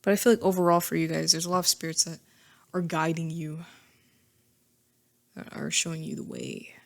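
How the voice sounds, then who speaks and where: A woman's voice: low-pitched, level tone, normal speed, vocal fry. A woman giving a casual tarot reading to camera, chatty and thinking aloud, often laughing at herself. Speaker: tarot reader.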